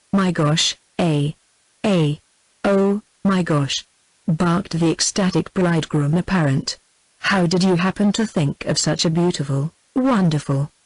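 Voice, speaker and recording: This is synthetic text-to-speech reading a book as an audiobook narrator, in a lowish female voice with a British English accent. The delivery is even and mechanical, even saying the word "comma" aloud. The recording is low quality but has no echo.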